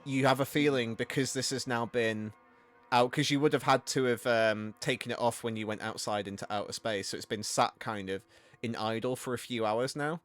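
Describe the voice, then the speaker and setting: A man's voice: mid-range voice, normal speed. A man running a tabletop game as game master, narrating casually with many fillers and restarts.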